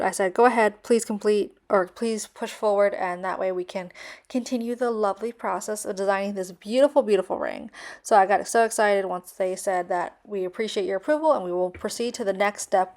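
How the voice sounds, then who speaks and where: Woman vlogger, young adult, chatty, effusive, mid-pitched voice. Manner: gushing, effusive, chatty with many fillers. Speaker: vlogger reviewing a purchase. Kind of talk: casual voice-over narration.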